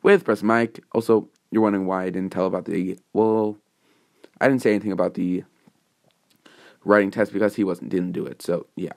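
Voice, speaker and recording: A man's voice: deep voice, steady tone, normal speed, gravelly. Rambling male fan-story narrator. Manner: rambling, with fillers and self-corrections. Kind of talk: casual improvised narration.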